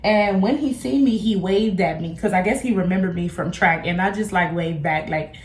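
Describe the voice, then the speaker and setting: A woman's voice: lowish voice, moderate pace, reverberant. A young adult woman vlogger, telling a casual storytime in a candid, slangy way and acting out the people she quotes. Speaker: beauty vlogger.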